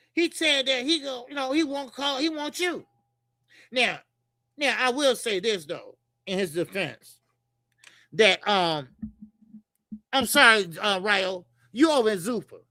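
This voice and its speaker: A man's voice: very high voice, sharp tone, dry recording, studio quality. A man hosting a boxing show, ranting in a heated, profane way, throwing questions straight at his viewers and repeating lines for emphasis. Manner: fired-up, profane, rhetorical, talks straight to viewers. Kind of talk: heated casual boxing rant.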